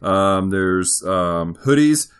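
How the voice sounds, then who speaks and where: An upbeat man co-hosts a podcast in easy, casual chat. His voice moves lively up and down, and his delivery stays playful and talkative throughout. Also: sits low, drawn-out words, smooth. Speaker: podcast co-host.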